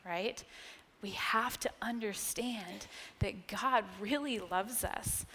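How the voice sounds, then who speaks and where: An American woman in her thirties giving a sermon, telling personal stories in a chatty way, laughing often and dropping to a hush on key points. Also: medium pitch, takes it slowly, slight background noise. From United States. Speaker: church speaker. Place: church sanctuary. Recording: long church-hall reverb.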